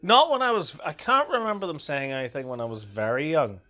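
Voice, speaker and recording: A man's voice: a little high, animated, fairly quick, bright, forceful tone. An Irish man chatting casually, swearing freely, laughing often and acting out voices in his stories. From Ireland. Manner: crude, laughing, acts out voices in anecdotes. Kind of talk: casual chat.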